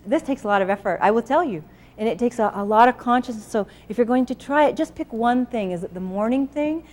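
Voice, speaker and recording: A middle-aged woman giving a live parenting talk to an audience, laughing often and acting out scenes with her children. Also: on the high side. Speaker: parenting speaker.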